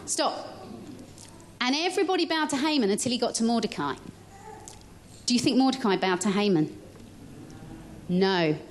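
A woman with a bright, high voice tells a Bible story in a church, cheerfully placing children in roles as she narrates. Her talk is lively and hands-on, with a faint hum of the room behind her. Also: normal speed, long pauses.

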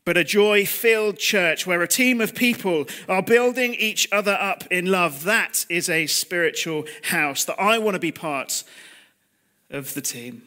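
A man's voice: high-pitched, unhurried, bright, forceful tone. A man in his thirties preaching a conversational, confessional sermon over a video call, with rhetorical questions to his listeners. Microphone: computer mic on a video call.

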